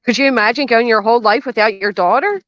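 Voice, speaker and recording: An older woman hosting a reaction commentary channel is blunt and sarcastic and swears freely, recorded outdoors by a garden fence. She talks fast in a fairly high voice with no echo, and the recording has a dull, dry lo-fi sound.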